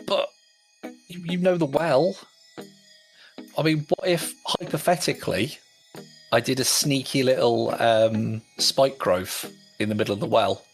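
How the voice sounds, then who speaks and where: Gravelly man playing a tabletop game. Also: medium pitch, unhurried, pauses often, faint music behind. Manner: playful, scheming, joking. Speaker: player. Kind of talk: casual tabletop game chat.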